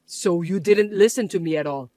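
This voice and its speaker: A level-headed grown son, as a woman puts him on in a story drama. He talks low, soft and patient, steady against the shouting around him, in a dry close recording. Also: moderate pace, no room sound, lightly acted. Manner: calm, patient, lower and softer.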